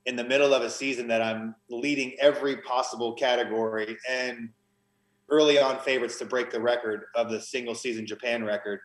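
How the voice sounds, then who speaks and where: A man's voice: medium pitch, steady tone, brisk, reverberant, low-quality recording. A man, a podcast guest, telling his story in an earnest, emotional conversational way, often restarting his sentences. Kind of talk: conversational testimony.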